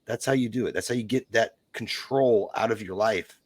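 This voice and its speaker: Low-voiced male co-host, dry close sound, emphatic and opinionated. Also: normal speed, no room sound. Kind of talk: casual chat, opinionated.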